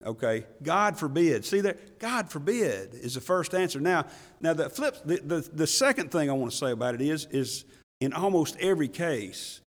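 A man's voice: on the high side, expressive, normal speed, big-room sound. A man preaching a folksy, conversational sermon as pastor, often laughing and repeating himself for emphasis. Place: church sanctuary.

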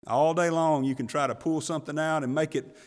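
A man's voice: on the high side, fairly even intonation, a little fast. Man preaching a sermon in a hall. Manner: preaching with rising fervor, acting out quoted voices. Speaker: pastor.

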